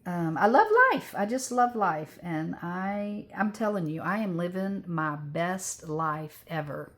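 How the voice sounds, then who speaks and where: A woman's voice: fairly low pitch, measured pace. A woman of sixty chatting casually as she crafts at home, rambling and upbeat. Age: 60s. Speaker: crafting vlogger.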